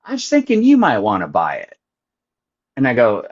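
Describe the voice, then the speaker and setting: A middle-aged man, a podcast guest, telling a story with lively back-and-forth dialogue. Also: mid-range voice, moderate pace. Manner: animated storyteller acting out both sides of a phone call. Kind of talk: storytelling in an interview.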